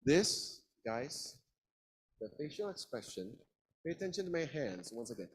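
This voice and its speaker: A man's voice: mid-range voice, sing-song, measured pace, slightly rough, poor audio. A man teaching public speaking in a live workshop, emphatic and demonstrative, often quizzing his audience. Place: university seminar room.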